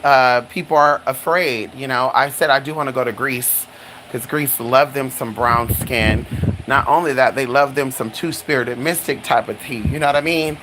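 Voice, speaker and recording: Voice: moderate pace, noisy background. Sassy, flamboyant live-streamer chatting. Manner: sassy and flamboyant, calls listeners honey and girl; swoops high for dramatic exclamations. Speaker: livestreamer. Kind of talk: casual live-stream chat.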